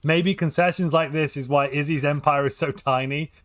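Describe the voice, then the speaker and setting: A man's voice: fairly high pitch, steady tone, normal speed, a bit bright. A man hosting a multiplayer strategy game session, bantering wryly with other players over a voice call. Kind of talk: casual group chat over voice call.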